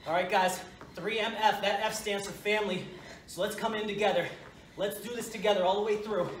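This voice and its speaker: A man coaching a workout in a high, urging voice, pushing everyone through the set with pep talk. He is recorded in an echoey studio from some way off the mic, with a faint hiss behind him. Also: fairly even intonation, a little fast. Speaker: fitness coach. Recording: echoey room, mic at a distance.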